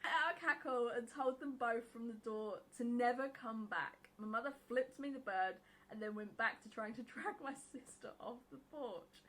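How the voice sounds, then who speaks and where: A woman's voice: a little high, moderate pace, hardly any pauses, fairly bright tone, low-quality recording. A woman reading a Reddit post aloud and reacting to it bluntly, with frequent swearing and laughter. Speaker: YouTube reaction creator.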